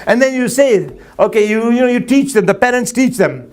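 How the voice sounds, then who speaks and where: A man's voice: extremely high pitch, fairly quick. A man preaching a sermon to a congregation, joking with the audience and acting out little dialogues. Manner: animated, jokes with audience, acts out dialogue. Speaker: Muslim preacher. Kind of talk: sermon with anecdotes. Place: mosque hall before a crowd.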